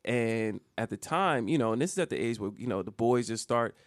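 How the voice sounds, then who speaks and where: A man from Jersey City telling a funny childhood story on a podcast, animated and laughing often. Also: mid-range voice, brisk, no echo, studio quality. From Jersey City, New Jersey. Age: adult with child. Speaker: podcast co-host. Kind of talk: casual comedic storytelling. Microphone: studio mic.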